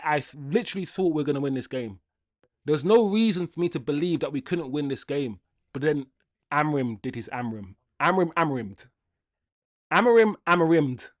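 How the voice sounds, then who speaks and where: A young man hosts a fan livestream and rants angrily to his chat in a casual way. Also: on the high side. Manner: angry, ranting, lively with laughs.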